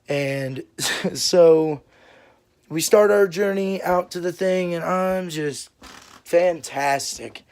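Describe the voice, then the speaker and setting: A man's voice: on the high side, darkish tone. A young man telling stories casually to his channel, laid-back and swearing freely, laughing now and then. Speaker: vlogger. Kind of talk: casual storytelling.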